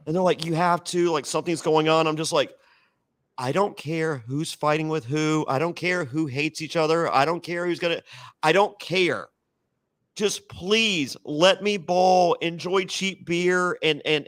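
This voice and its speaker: A man's voice: a little high, a bit bright, no echo. A man telling a casual podcast story, rambling, repeating words and acting out the dialogue. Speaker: reality TV guest.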